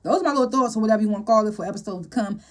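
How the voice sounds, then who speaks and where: A woman casually recapping a TV episode as a show reviewer, chatty and animated and laughing often. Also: mid-range voice, rapid-fire.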